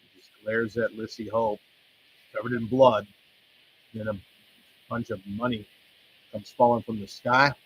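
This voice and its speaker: A man's voice: fairly low pitch, flat delivery, a little slow, pauses often, lo-fi sound, slight background noise. A man hosting a podcast, chatting loosely and rambling, joking and swearing as he reacts to wrestling results. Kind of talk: rambling casual commentary.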